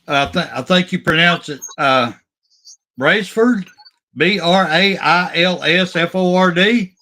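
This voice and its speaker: A man's voice: high-pitched, measured pace, pushed and bright. A man hosting a casual sports talk show, opinionated and emphatic, often restarting his sentences.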